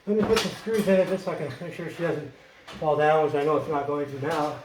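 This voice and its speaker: High-voiced man in his fifties, joking tutorial. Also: quick pace. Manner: talks to himself and viewers while working, joking. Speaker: drywall installer. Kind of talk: chatty work-along tutorial. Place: bare room under construction. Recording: echoey room, far from the mic, loud work noise.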